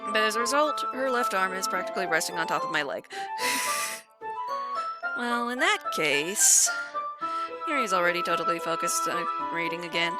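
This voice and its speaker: A young woman hosting a playthrough, reading a visual novel's text aloud with stumbles and giggly asides of her own. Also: on the low side. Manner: reads narration with stumbles and restarts, breaks into giggly asides. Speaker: let's play host. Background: game music.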